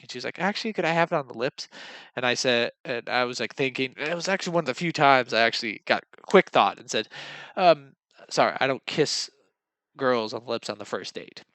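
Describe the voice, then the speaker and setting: A man's voice: medium pitch, animated, fast talker, sharp tone, no echo. A young man telling casual dating stories in a rambling, self-mocking way, acting out what people said. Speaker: vlogger. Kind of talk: casual storytelling monologue.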